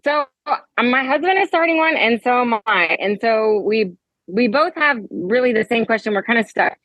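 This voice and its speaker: A woman's voice: on the high side, lively intonation, moderate pace, a bit bright, no room sound. A middle-aged woman from Texas with a Texas accent, calling in to a podcast from outside at her job and chatting in a friendly, giggly way. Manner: friendly and giggly, talks in loose restarts. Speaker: caller. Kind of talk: casual call-in chat. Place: outdoor alley at her workplace. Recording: dull, lo-fi call line.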